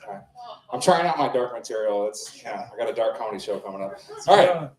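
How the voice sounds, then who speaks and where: A man's voice: medium pitch, expressive, fast talker, a little mellow. A man hosting an open mic, doing crude, loose stand-up on a small club stage. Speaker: open mic host and comedian. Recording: roomy club sound.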